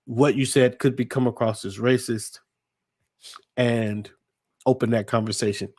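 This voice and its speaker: A man in a casual group discussion who talks in halting bursts and often restarts his sentences. He works through his questions aloud to the others. His voice sits at an ordinary middle pitch. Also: steady tone, darkish tone. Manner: halting, repeats words, asks questions. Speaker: co-host. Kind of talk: casual panel conversation.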